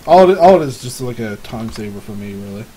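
Male game master, easygoing and giggly, mid-pitched. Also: lively intonation, fast talker, a crowd in the background, rough recording. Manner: casual, laughs often, restarts. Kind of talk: running a tabletop game.

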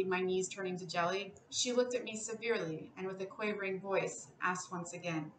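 A woman, a classics professor, reading a literary excerpt aloud with measured, expressive storytelling. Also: mid-range voice, far from the mic. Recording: roomy, a bit off-mic, faint noise.

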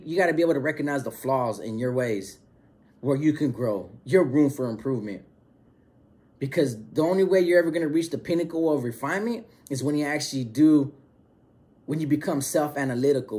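A man's voice: mid-range voice, a little mellow. A man talking to his subscribers in a casual storytelling monologue, loose and slang-heavy, often repeating words as he goes. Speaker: YouTuber telling a story to subscribers.

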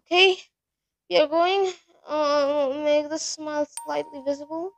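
A woman's voice: high-pitched, fairly even intonation, unhurried, vocal fry, faint music behind. A woman hosting a horror game playthrough, rambling, jumpy and swearing a lot. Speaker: gaming channel host.

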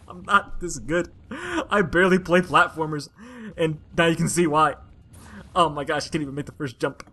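A woman giving casual commentary over a platformer, talking to herself in frustration and bursting into loud complaints. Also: sits low, animated, normal speed, soft background music. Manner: exasperated, frustrated self-talk that bursts into loud outbursts. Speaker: let's play gamer.

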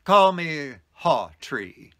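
A commanding old phantom of the stage, as a man puts him on, speaking in measured, instructive tones with a bright ring and lively swings of pitch. He sounds like a seasoned mentor from a spoken ghost story. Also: heavily acted. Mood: stately. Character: ghost of a stately older male stage comedian.

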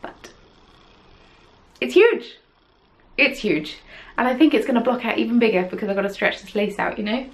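A woman's voice: a little high, quick pace, hardly any pauses, poor audio. A woman hosting a podcast, chatting casually and rambling with self-deprecating asides, recorded at home on camera. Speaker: podcast host. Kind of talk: casual chat.

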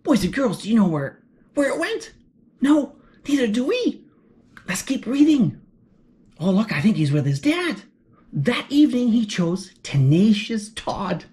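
A woman's voice: on the high side, moderate pace, long pauses. A woman reading a picture book aloud to children, speaking to them directly as she goes. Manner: animated, talks to children directly. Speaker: children's story reader. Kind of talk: read-aloud storytelling for kids.

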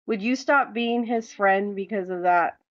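A woman calls in to a casual discussion and speaks hesitantly, halting and restarting. Her pitch is mid-range. The audio is dull and lo-fi. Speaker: caller.

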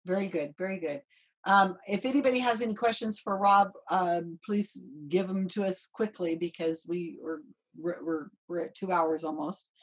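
A woman's voice: lowish voice, normal speed, slightly rough. A woman hosting a casual conversation over a video call, chatty with trailing asides. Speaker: host.

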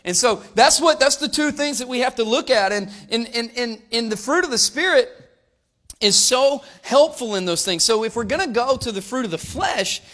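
A man's voice: extremely high pitch, animated, moderate pace, sharp tone. A man preaching a sermon as pastor, emphatic and fervent, often calling out to the congregation.

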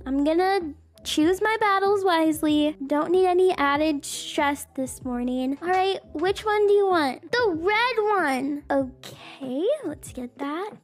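A woman narrating a toy roleplay as a busy single mom, chatty and unhurried. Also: sits high.

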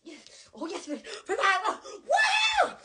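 A woman hosting a phone livestream from home, rambling giddily with lots of giggles, squeals and drawn-out exclamations. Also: very high voice, wildly swooping pitch, over a noisy crowd. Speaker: live-stream host. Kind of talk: silly, rambling livestream chatter.

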